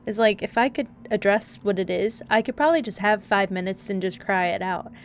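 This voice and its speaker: Sniffly and teary after crying, a young woman streams a game live and chats in a rambling, flustered way, laughing at herself. She speaks briskly in a mid-range voice over faint background music and slight background noise.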